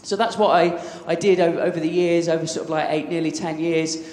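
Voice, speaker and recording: A man in his thirties from England speaks at a conference, chatty and enthusiastic as he trips over his own restarts. His voice sits a little high for a man. It carries through a large, echoey hall with a long reverb tail and faint background noise. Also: flat delivery, a little fast, a little mellow. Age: 30s. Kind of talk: conference talk.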